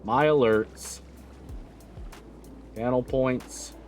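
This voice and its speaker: A man streaming a roleplay game, chatting casually with viewers, relaxed and joking, swearing freely. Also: mid-range voice, very slow, soft background music. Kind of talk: casual livestream chat.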